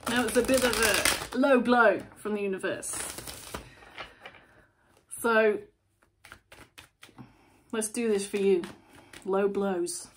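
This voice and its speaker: A woman giving a casual, chatty tarot reading to camera as host, blunt and animated. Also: medium pitch, slow, long pauses, a little hiss or hum. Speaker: tarot reader, channel host.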